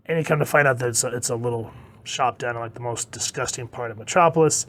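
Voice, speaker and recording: A man's voice: mid-range voice, a little fast. A man chatting casually and enthusiastically as a comic book reviewer, reading quotes aloud.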